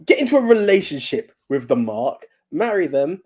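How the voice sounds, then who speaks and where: A man's voice: on the high side, moderate pace, husky. A man whose first language is Russian, co-hosting a podcast and chatting loosely about movies with many restarts. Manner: lively, rambling, restarts often, laughs a lot. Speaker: podcast co-host. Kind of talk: casual movie chat.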